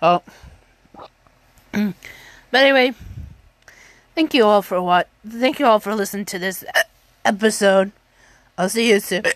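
A woman's voice: medium pitch, moderate pace, pauses often, no room sound. A young adult woman hosting her own podcast, chatting casually and rambling with restarts and fillers. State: has the hiccups. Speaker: podcast host. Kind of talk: casual solo podcast chat.

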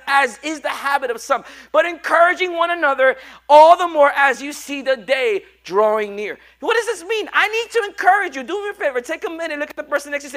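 High voiced guy pastor, really bright tone, jokey animated sermon, egging the congregation on. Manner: animated, joking, coaxing the congregation. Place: church.

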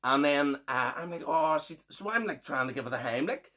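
A man's voice: mid-range voice, animated, a little fast, bright, forceful tone. A man, hosting a podcast and telling a story in a casual, swearing, laughing way. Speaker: podcast host.

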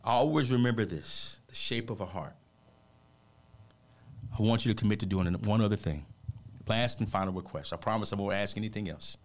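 A man's voice: fairly low pitch, moderate pace. A man who works as a motivational speaker, telling a personal story with heartfelt, emphatic, almost preacher-like earnestness during a radio interview.

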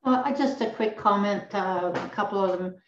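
A woman's voice: mid-range voice, normal speed, a little hiss or hum. A woman giving a rambling, frank comment on a video call, with many fillers. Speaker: meeting participant. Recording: distant echoey muffled call audio.

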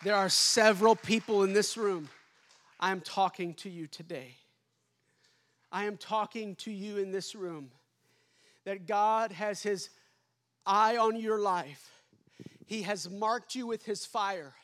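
A man preaching a sermon as pastor, building to shouts and dropping to hushed endings. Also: high-pitched, slow pace, pauses often.

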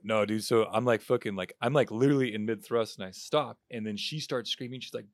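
Speaking a little fast in a fairly low voice, this young man is chatting on a podcast as co-host and spinning a story. Profanity flows easily as he performs each person's lines, and the studio recording is clean with no room sound.

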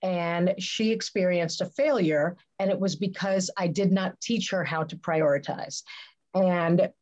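In a rough recording, a business leader being interviewed talks in a rather low, slightly mellow voice without hurrying. Her answers come as sincere, thoughtful stories broken by many restarts, in the flow of a conversational interview.

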